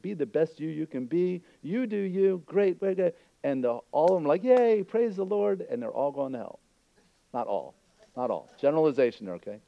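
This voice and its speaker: A man's voice: fairly high pitch, dry recording, dull audio. A man preaching an earnest, emphatic sermon as pastor, with frequent asides to the congregation.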